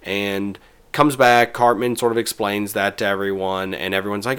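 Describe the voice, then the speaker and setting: A man's voice: fairly low pitch, steady tone, moderate pace, fairly bright tone, clear, resonant tone. A man in casual chat, rambling through an episode recap with restarts and quoted bits.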